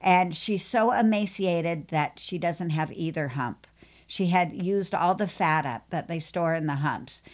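A woman pet groomer who hosts a podcast, telling a long story in a chatty, animated way. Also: fairly low pitch, a little slow. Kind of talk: casual storytelling.

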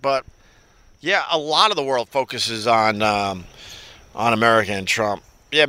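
A man's voice: mid-range voice, pushed and bright. A man hosting a casual live stream, rambling, swearing and reading out viewer comments with sardonic asides. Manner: profane, sardonic, reads chat aloud. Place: New York.

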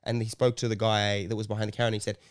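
A man's voice: on the low side, level tone, racing. A man, co-hosting a comedy podcast and telling a story in a rambling way, full of fillers. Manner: rambling, filler-heavy, laughing. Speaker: podcast co-host. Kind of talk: casual storytelling.

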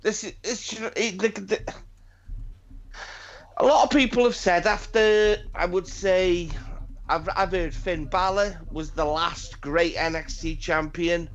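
A man's voice: sits high, steady tone, takes it slowly. Man, podcast host, casual chat, rambling and profane, dull lo-fi sound. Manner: rambling, profane, repeats himself. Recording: dull lo-fi recording.

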